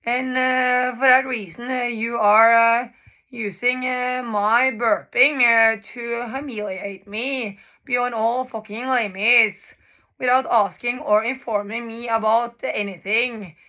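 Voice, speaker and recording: A woman's voice: on the high side, fairly even intonation, slow pace, bright, forceful tone. A woman in her thirties, a native Norwegian speaker from Norway, talking in a personal video monologue. She is emphatic and profane and repeats herself, with frequent filler sounds. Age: 30s. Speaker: vlogger.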